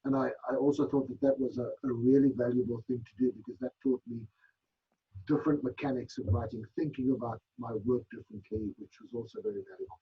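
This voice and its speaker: Gravelly man, reflective. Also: medium pitch, steady tone, quick pace. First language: Afrikaans. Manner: reflective, searching for words with many restarts. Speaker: author guest. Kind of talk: radio interview answers. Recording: dull lo-fi broadcast audio.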